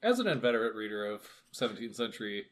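A man co-hosting a book podcast in casual chat, speaking in a wordy, wry, measured way. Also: fairly low pitch, big pitch swings, a bit bright. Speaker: podcast co-host.

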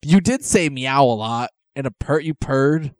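A man's voice: medium pitch, lively intonation, a little slow, no room sound. Stammering, incredulous male podcast co-host. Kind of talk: casual comedic banter.

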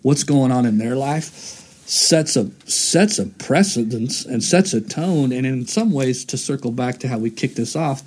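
A man's voice: mid-range voice, expressive, measured pace, a little mellow, slightly rough. A man hosting a casual faith talk, earnest and rambling, restarting his sentences often. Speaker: host.

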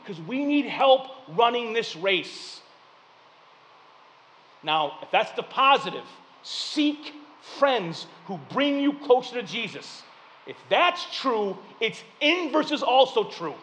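Man preaching, high voice, bright tone, lively storytelling, loud then hushed, long hall reverb. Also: slow pace. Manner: animated storytelling, swings from loud punchlines to hushed reflection. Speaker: pastor. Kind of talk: sermon with personal stories.

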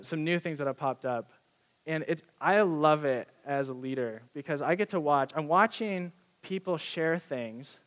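A young man preaching a sermon in a conversational, earnest way, full of casual fillers, to an audience in a church hall. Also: a little high. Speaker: pastor. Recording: long reverb of a church hall.

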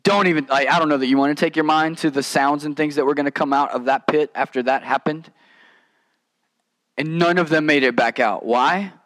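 A male pastor delivers a sermon in a loose, conversational way, with lively asides. His voice sits slightly high for a man. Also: a little fast, poor audio. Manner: conversational, animated preaching with casual asides.

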